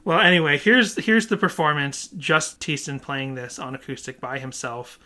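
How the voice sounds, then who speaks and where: A man co-hosting a casual podcast, animated and puzzled, often laughing as he talks. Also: on the high side, moderate pace. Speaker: podcast co-host.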